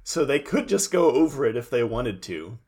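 A man's voice: mid-range voice, very animated, moderate pace, darkish tone, breathy edge. A man co-hosting a podcast in casual chat, adding dry, sardonic remarks. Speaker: podcast co-host.

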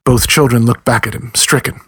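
Husky-voiced man reading a story aloud. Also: mid-range voice, steady tone, brisk, a bit bright, no room sound. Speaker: audiobook narrator. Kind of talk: scripted narration.

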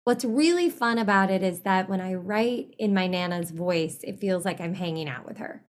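A woman's voice: mid-range voice, normal speed. A woman being interviewed in a casual chat. She rambles, trails off mid-thought and laughs often. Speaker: interview guest.

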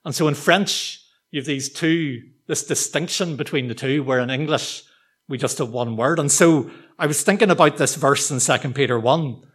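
A man preaching a sermon to a church congregation, talking in a relaxed, conversational, self-deprecating way with frequent ums and restarts. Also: fairly high pitch, moderate pace, slightly rough.

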